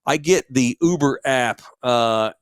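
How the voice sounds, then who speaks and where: Animated, profane male storyteller. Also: medium pitch, slow, clear, resonant tone, dry recording, studio quality. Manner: animated, profane, self-mocking. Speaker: podcast host. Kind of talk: casual storytelling.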